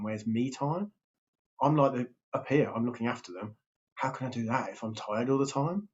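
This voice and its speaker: Chatty male coach, lo-fi sound. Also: medium pitch. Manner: chatty, keeps checking in with "yeah?". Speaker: health and weight loss coach. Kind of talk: casual motivational talk to camera. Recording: slightly dull lo-fi sound.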